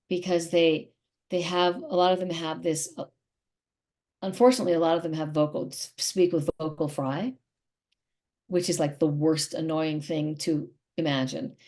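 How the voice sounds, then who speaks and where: A woman's voice: on the low side, a little mellow. A middle-aged woman, an actress and interview guest, talking in a casual, emphatic and opinionated way.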